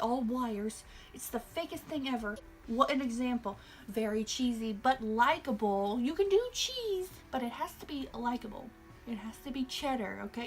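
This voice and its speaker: High-voiced young woman ranting sarcastically. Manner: sarcastic, exasperated, animated ranting. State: tired. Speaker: vlogger reviewing a movie. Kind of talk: ranting movie review.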